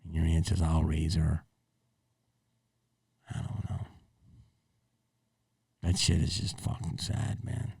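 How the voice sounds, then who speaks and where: A man's voice: a bass voice, little pitch movement, takes it slowly, vocal fry, long pauses, mellow, slightly rough, no room sound, recorded from a distance. A man hosting a podcast, reacting to clips in a blunt, rambling, profane way. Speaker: podcast host. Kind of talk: casual reaction commentary.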